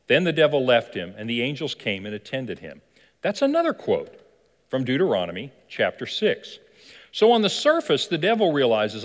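A man's voice: mid-range voice, very animated, moderate pace. A man preaching a sermon as pastor, telling a story animatedly and asking the listeners questions. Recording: long hall reverb.

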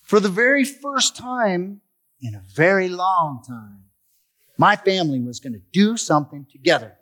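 A man's voice: high voice, expressive, normal speed, bright, forceful tone. A man giving a personal recovery testimony, telling his story expressively and acting out the dialogue. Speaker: testimony speaker.

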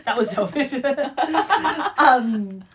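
A woman's voice: high voice, lively intonation, extremely slow, a loud crowd. Chatty woman hosting a game. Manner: chatty, laughs often, reads quotes in put-on voices. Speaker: podcast host running a quote game. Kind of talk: casual chat.

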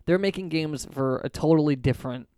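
A young man co-hosting a casual podcast chat, animated and rambling as he tells stories, laughing often. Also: fairly high pitch, brisk, smooth. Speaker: podcast co-host.

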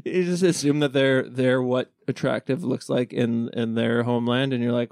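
A man riffs loosely through a podcast chat, joking and restarting his thoughts. His voice is gravelly with a bit of fry. The sound is dry and close. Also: mid-range voice, steady tone, moderate pace, darkish tone, no echo. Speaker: podcast co-host. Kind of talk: casual banter.

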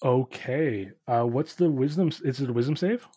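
A man running a tabletop role-playing game as game master, relaxed and quick to laugh. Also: medium pitch, husky, dry recording, studio quality.

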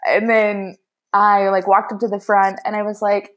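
A woman guest on a baking podcast tells her story in a relaxed, animated way. She laughs often and fills her sentences with "like" and "um", with a mid-range voice. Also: mid-range voice, moderate pace. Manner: animated, laughing, many fillers like "like" and "um". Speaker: baker and cookbook author guest. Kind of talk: casual storytelling in a podcast interview.

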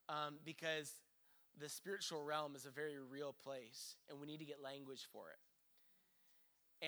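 Bright-voiced man preaching a sermon. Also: on the high side. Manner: earnest, conversational preaching with restarts and acted-out asides. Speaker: pastor.

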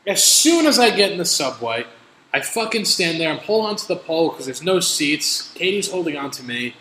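A man hosting a casual podcast, telling stories in animated, profane rants with an exasperated edge. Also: a little high, fairly quick. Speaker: podcast host. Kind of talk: casual chat, storytelling. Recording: echoey room with faint noise.

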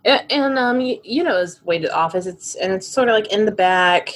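Husky-voiced woman running a game. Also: medium pitch, expressive, fairly quick. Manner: casual, lots of fillers. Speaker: game master. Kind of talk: narrating a tabletop game.

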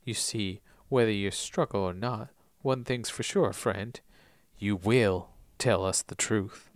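Man playing a creepy southern interrogator, soft and slow, hushed menace, lowered voice, dry sound. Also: no room sound. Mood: soft menacing. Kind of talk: acted quote in podcast recap.

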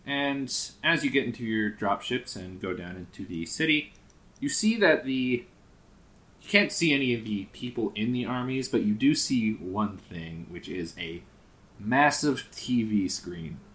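A man's voice: medium pitch, expressive, measured pace, a bit bright. A man narrating as game master of a sci-fi tabletop game, casual and swearing freely, often laughing.

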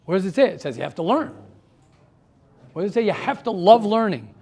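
A man with a notably high voice leads a class discussion. He talks in a stream of rhetorical questions, repeating phrases as he presses his point. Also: sing-song, quick pace, a little mellow, slightly rough. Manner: rhetorical questions, repeats himself, grows heated. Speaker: teacher. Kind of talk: classroom talk with students.

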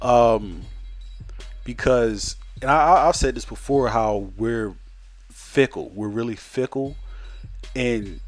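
A man's voice: medium pitch, slow pace, long pauses, faint music behind. A man in casual chat who speaks reflectively and repeats words as he starts a thought.

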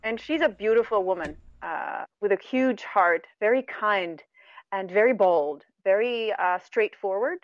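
A middle-aged woman who is not a native English speaker, a guest talking earnestly and warmly about spiritual self-talk in a radio conversation. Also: mid-range voice, measured pace, no echo, highs cut off. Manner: earnest, animated, laughs at herself. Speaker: guest, meditation teacher.

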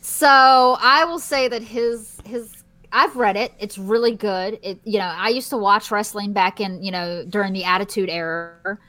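A woman's voice: mid-range voice, fairly even intonation, a little slow, sharp tone, dry recording. A woman from Virginia with a Southern accent, answering interview questions in a chatty, hesitant way with many fillers. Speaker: guest, actress. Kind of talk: casual interview chat.

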